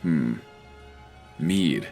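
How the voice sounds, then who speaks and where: A man's voice: extremely low pitch, animated, drawn-out words, creaky, mellow, faint music behind. A man casually commenting while playing a video game, chatty and wry, thinking aloud as he goes. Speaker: let's play host.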